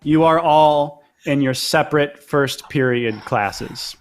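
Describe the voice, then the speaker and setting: A man's voice: a little high, slow. A man narrating as game master of a tabletop role-play game, chatty with lots of fillers.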